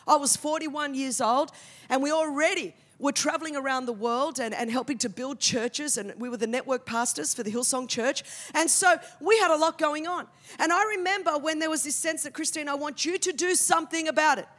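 A woman in her forties from Australia, preaching a sermon as a pastor with animated comic asides that build to loud declarations. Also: high voice, moderate pace.

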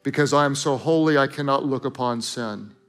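A man's voice: very high voice, slow pace, a bit bright, faint music behind, pitched above the performer's own voice, heavily acted. A preacher voicing an earnest heavenly father. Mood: solemn. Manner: earnest, pleading, solemn. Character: loving divine father urging his son.

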